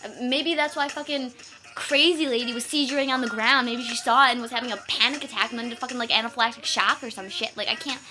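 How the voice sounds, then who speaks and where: A woman's voice: on the high side, fairly even intonation, fast talker, over music. A young woman vlogging in a rambling, incredulous way, swearing and saying "like" constantly. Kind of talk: casual vlog rant.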